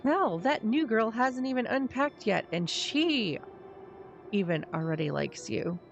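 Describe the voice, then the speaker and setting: A woman's voice: a little high, expressive, unhurried, gravelly, muffled recording, soft background music. A woman streamer reading the lines of a bitter, sarcastic boy from a story game, blunt and slangy. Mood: glum. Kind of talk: game dialogue read aloud.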